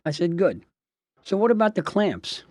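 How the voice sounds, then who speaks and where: An older man tells a story from a trial he fought, acting out his own pointed questions and the witnesses' fumbling answers. His voice sits a little high yet sounds warm and dark. The recording is close and dry, with no room sound. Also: big pitch swings, normal speed, dry recording. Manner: acts out both sides of a cross-examination, sarcastic asides. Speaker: defense lawyer recounting a trial. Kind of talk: anecdotal storytelling, reenacting dialogue.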